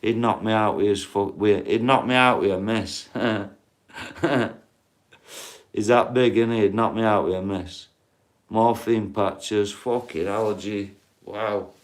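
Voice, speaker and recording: A man's voice: fairly low pitch, fairly even intonation, unhurried. A man, rambling and swearing as he chats casually with viewers on a livestream.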